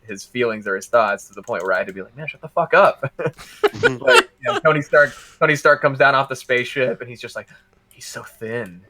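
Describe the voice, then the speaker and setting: Man, podcast storyteller, bright forward tone, animated, laughs easily. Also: medium pitch. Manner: animated, laughs through his own anecdotes. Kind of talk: casual storytelling.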